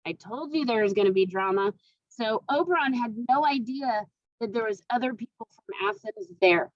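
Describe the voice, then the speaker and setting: A woman's voice: on the high side, moderate pace, dry recording, highs cut off. A woman teacher who reads a play aloud in turn and then retells each part in casual everyday words. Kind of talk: reading and explaining a play to students.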